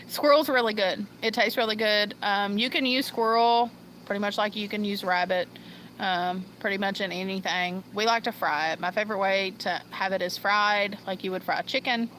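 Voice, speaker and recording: A woman hosts a casual livestream, laughing constantly and losing her train of thought. Her mid-range voice is steady, a bit bright and moderately paced, on a low-quality recording with a little hiss or hum.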